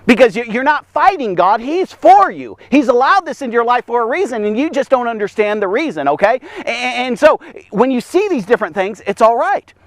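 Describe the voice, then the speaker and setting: A man preaching an energetic daily devotion, emphatic and repetitive, often asking "okay?" and coming back to "here's the thing.". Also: very high voice, fairly quick, no room sound.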